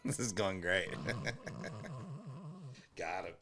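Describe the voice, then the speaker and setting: A man, a comedian co-hosting a podcast, bantering casually and objecting with quick sarcasm. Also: medium pitch, very animated, noisy background.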